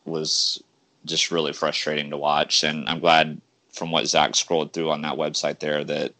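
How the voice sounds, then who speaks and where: Very deep man with a bright, dry sound. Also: monotone, normal speed, no echo. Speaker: podcast co-host. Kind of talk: casual sports chat.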